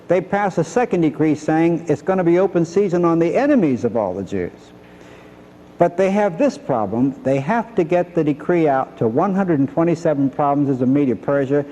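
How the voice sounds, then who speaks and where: A man's voice: fairly high pitch, warm tone, in a large hall, dull audio, a little hiss or hum. An older man teaching a Bible lesson, retelling the story and acting out the characters' lines.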